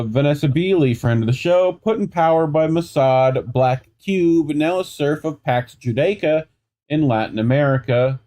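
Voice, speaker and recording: A man's voice: mid-range voice, mellow. A young adult man co-hosting an independent news show, reading stories aloud and breaking off into sarcastic, riffing asides. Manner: sarcastic, riffing asides between quoted passages. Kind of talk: casual commentary reading news items.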